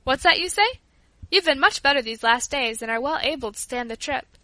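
A tender father speaking earnestly to his daughter, read by a woman. The voice stays high and bright, close and dry. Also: animated, a little fast, dry recording. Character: gentle caring father of a family.

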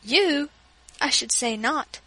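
A woman voicing a plainspoken old female servant who is warm but scornful, speaking briskly. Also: high-pitched, low-quality recording.

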